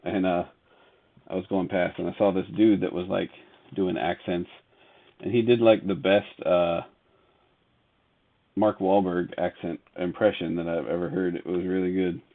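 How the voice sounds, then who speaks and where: A man's voice: low voice, flat delivery, normal speed, pauses often. A man hosting a casual live sports card break, reading out player names and chatting with viewers. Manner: reads player names off cards in a running list; laughs often, chats with viewers between cards. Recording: tinny phone-like audio.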